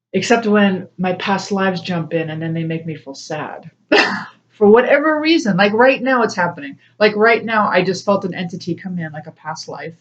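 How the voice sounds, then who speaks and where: A woman talks casually to her viewers as a spiritual coach, rambling through personal stories. She laughs often and slips into little voices when she quotes others. Her mid-range voice comes through a slightly muffled, lo-fi recording. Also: medium pitch. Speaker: spiritual coach and tarot reader. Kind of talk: casual personal talk to camera.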